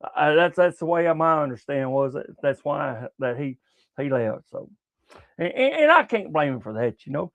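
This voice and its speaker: Older guy, high voice, dry close sound, cussing sports talk host. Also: sing-song, normal speed, fairly bright tone, no room sound, highs cut off. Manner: profane, repetitive, stumbling restarts. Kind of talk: casual rambling sports talk.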